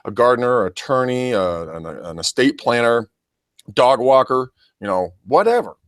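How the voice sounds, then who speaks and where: A man's voice: medium pitch, very animated, normal speed, no room sound. A man coaching real estate agents in a casual podcast, chatty and full of restarts. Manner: chatty, stammering, addresses listeners as guys.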